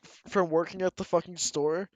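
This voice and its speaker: A man's voice: high-pitched, steady tone, moderate pace, a little mellow, dry recording. Crude, rambling guy on a dull mic. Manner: crude, rambling, laughs often. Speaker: podcast co-host. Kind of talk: casual chat. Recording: dull lo-fi sound.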